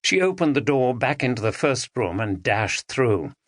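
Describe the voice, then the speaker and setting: A man narrating an audiobook thriller, expressive and dramatic, on a close studio mic. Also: medium pitch, moderate pace, no echo. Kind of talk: scripted narration.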